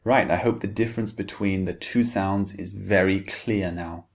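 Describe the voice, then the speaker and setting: A man's voice: sits low, steady tone. A man teaching pronunciation, speaking carefully and enunciating each word for learners to repeat. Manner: slow, careful, clearly enunciated drills. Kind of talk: pronunciation lesson.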